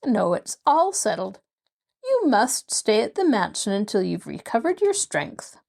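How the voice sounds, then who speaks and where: A woman voicing an elderly spinster sister in a storybook, quick and insistent. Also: medium pitch, sing-song, gravelly, darkish tone, heavily acted.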